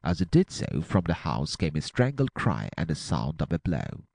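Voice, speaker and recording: A man narrates an adventure audiobook with a dramatic, expressive reading. His voice is very low and gravelly, swinging widely in pitch. The recording is dry and close. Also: normal speed, no room sound.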